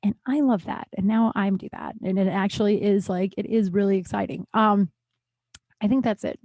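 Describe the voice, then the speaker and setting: A woman in her thirties hosting a casual solo podcast from a small closet, rambling, swearing and bursting into excitement. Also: mid-range voice, normal speed, dry recording. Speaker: podcast host.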